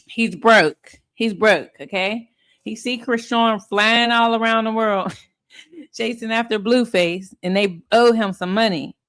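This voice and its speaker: A woman's voice: fairly high pitch, fairly even intonation, unhurried, a bit bright, smooth. A woman hosting casual commentary, blunt and profane, often laughing. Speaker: commentary host.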